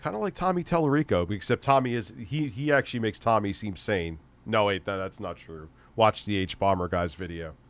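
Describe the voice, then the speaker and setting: A man's voice: on the low side, a little fast, hardly any pauses. Sarcastic, profane male streamer. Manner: profane, sarcastic ranting with frequent laughs. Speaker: streamer host. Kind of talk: casual livestream commentary.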